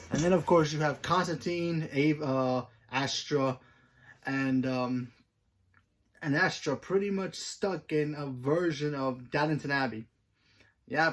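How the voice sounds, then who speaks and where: A man's voice: mid-range voice, unhurried. Man rambling through a TV review. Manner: rambling, with fillers and restarts. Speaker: host. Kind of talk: casual TV episode review.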